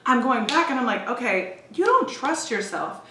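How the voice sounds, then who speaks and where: A woman's voice: very animated, sharp tone, recorded from a distance. A woman in her thirties recounts a painful memory with candid intensity, dropping her voice whenever she quotes someone else. She sits a little back from the mic in a roomy, echoing space. A faint hiss runs underneath. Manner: emotional, intense, quick asides, quotes others in a lowered voice. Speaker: podcast guest. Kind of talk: candid conversational storytelling.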